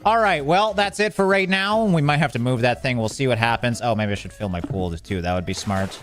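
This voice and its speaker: A gameplay commentator with a brisk, mid-range, fairly bright voice chats casually while he plays, faint music behind him. He talks to the characters on screen, swears mildly, and gets flustered when things go wrong.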